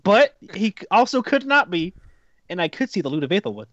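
A man's voice: high-pitched, big pitch swings, fairly quick, a bit bright, highs cut off. A man, casually narrating a tabletop game as dungeon master.

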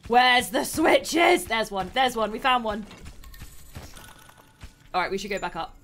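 A young adult woman hosting a live game stream, commentating excitedly and laughing often. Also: mid-range voice, moderate pace, slight background noise. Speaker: streamer host.

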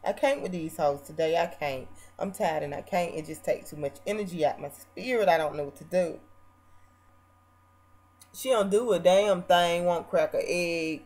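With a lowish voice at a moderate pace, a female vlogger casually tears into a reality show, profane and mocking, shifting between loud bursts and muttered comments in a brash manner.

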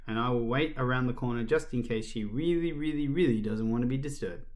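A man's voice: mid-range voice, a little fast, close to an everyday voice. Guy doing a jumpy grumbly gardener who wants to leave, storybook voice. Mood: reluctant. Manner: hissing and reluctant. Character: nervous, grumbling grown man school gardener.

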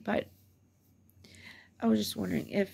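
Upset and on the verge of crying, this female vlogger vents straight to camera, swearing and veering from hushed whispers to furious outbursts. Her medium-pitched voice is gravelly, slightly rough, a little mellow, and moves at a normal speed.

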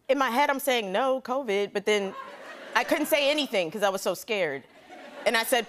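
A woman in her thirties, a talk show guest telling an animated story, laughing as she goes and acting out the people in it. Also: medium pitch, moderate pace, background noise. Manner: lively, laughing storyteller doing voices. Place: TV studio with live audience.

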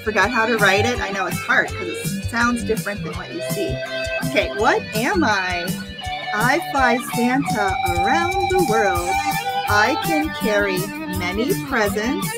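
Slow, higher-voiced woman teaching English. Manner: slow, repeats words for learners. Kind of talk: livestream lesson.

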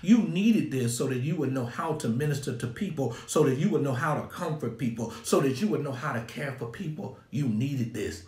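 A man quoting God as a calm, slow, measured voice that repeats itself. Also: medium pitch, reverberant, close to an everyday voice. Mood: solemn. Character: God speaking calmly to a troubled preacher.

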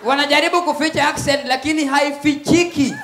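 A man with a Kenyan accent performing a loud stand-up comedy set on a live stage, mixing Swahili and English and acting out voices. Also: very high voice, fairly even intonation, quick pace, slight background noise. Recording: echoey live venue with faint ambience.

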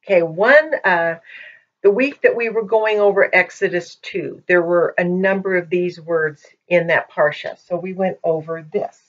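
Woman teacher, low-pitched, patient and methodical, very slow delivery; muffled lo-fi mic. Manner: patient, methodical, with frequent ums. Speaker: Hebrew teacher. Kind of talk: slow explanatory lesson. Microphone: poor-quality microphone. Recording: dull lo-fi microphone.

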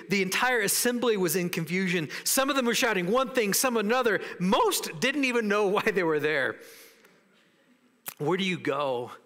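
A man preaching a sermon as pastor, animated and acting out the voices of people in the story. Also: sits high, long reverb tail.

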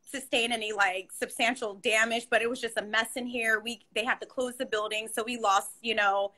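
Bright, chatty woman guest. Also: on the high side, steady tone, normal speed. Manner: chatty, rambling, filler-heavy. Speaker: guest, brow salon owner. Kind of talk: casual chat. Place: at work between clients.

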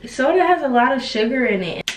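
A woman's voice: sits high, animated, a little fast, roomy sound, distant mic, a little hiss or hum. A young woman chatting casually on a home vlog, laid-back and slangy, laughing often. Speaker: vlogger.

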